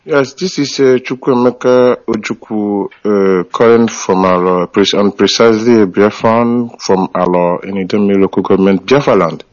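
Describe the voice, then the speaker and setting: A man's voice: lowish voice, moderate pace, hardly any pauses, lo-fi sound. A man calling in to a radio show over an internet call, talking earnestly with many hesitations and restarts. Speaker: caller.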